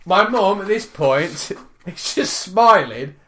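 A man tells an animated story in casual conversation. His voice sits high and jumps around a lot. He swears freely and acts out his own shouting. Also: takes it slowly. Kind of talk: casual chat, animated anecdote.

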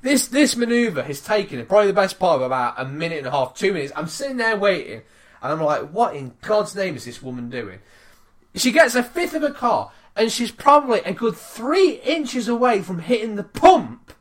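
A podcast co-host, telling an angry story in an excitable, sweary way and mimicking people. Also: medium pitch, brisk. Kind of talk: animated storytelling rant.

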